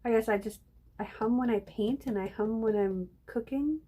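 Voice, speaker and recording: Chatty woman with a mellow voice. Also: fairly high pitch, normal speed. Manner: rambling, chatty, talks to viewers while working. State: has hiccups. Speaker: live-stream craft host. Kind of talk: casual chatty live painting stream.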